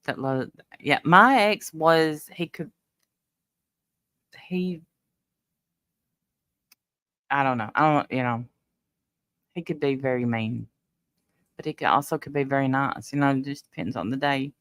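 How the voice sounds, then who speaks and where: A woman's voice: a bass voice, measured pace, long pauses, a bit bright, no echo. Middle-aged woman, livestream host, teary and emotional, casual chat, dry close sound. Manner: emotional, tearful, talks directly to viewers.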